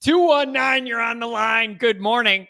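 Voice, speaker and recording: Male talk-show host, high bright voice, lively and opinionated. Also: moderate pace, creaky. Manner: animated, joking, opinionated. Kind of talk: casual call-in chat.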